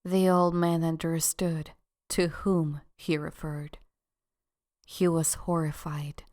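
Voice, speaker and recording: A woman reads an audiobook in a measured, deliberate manner. Her voice sits on the low side. She takes her time over every phrase. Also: level tone, darkish tone. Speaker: audiobook narrator. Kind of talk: scripted narration.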